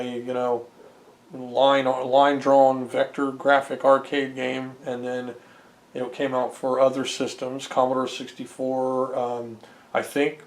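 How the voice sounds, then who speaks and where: A man giving casual, rambling commentary as a homebrew game developer, with many fillers and restarts. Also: mid-range voice.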